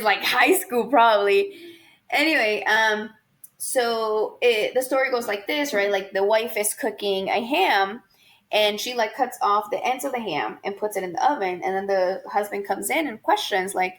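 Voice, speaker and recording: A woman's voice: mid-range voice, normal speed. A young woman co-hosting a podcast in casual chat, telling stories, acting out quoted voices and swearing freely. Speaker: podcast co-host.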